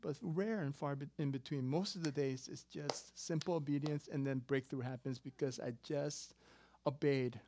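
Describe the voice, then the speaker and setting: A man in his fifties preaching a sermon as pastor, animated and jokey, swinging from loud emphasis to quiet asides. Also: a little high, normal speed, hardly any pauses, a little hiss or hum. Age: 50s.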